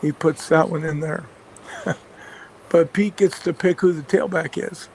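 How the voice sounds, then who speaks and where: A male football coach with a gravelly, somewhat high voice tells rambling stories about his staff, with plenty of fillers and restarts. His pitch stays flat and even, and a faint hiss sits under the recording. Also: a little slow, rough recording. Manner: rambling, many fillers and restarts, chuckles often. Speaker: football coach and play caller. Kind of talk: casual anecdotes in a radio interview.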